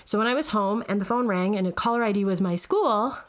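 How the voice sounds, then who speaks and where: A woman's voice: medium pitch, fairly quick. A woman in her thirties, co-hosting a podcast, telling a funny story in casual chat and laughing as she goes. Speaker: podcast co-host.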